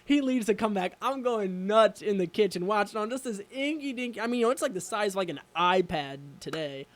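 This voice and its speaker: This is a young man with a high, light voice, chatting about sports on a radio show. He rambles eagerly and fills his story with likes and uhs, getting worked up as he goes. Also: fairly quick. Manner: excitable, rambling storyteller with many fillers. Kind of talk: casual sports chat.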